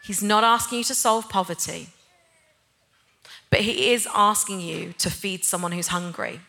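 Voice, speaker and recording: A woman's voice: medium pitch, fairly even intonation, normal speed, vocal fry, bright, forceful tone. A woman giving a church sermon, speaking conversationally and personally, then building to impassioned, emphatic points. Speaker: church speaker, head of a neighbour-love ministry. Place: church gathering.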